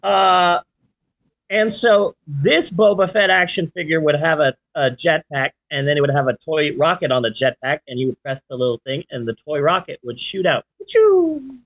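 A man in his forties hosting a podcast, chatting casually and telling stories in an animated way. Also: a little high, normal speed. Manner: animated storyteller, does sound effects. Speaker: podcast host. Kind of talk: casual chat.

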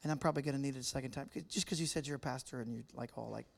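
In a church hall before a live audience, an American guest speaker gives a casual, joking talk and chats with people in the room. His voice is medium in pitch, creaky, and rapid-fire.

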